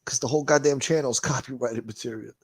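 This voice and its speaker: A man's voice: medium pitch, steady tone, fast, slightly rough, no echo. A man hosting a livestream, reading chat comments aloud and riffing on them in profane, rambling, wisecracking casual chat. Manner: profane, rambling, wisecracking, calls people boy.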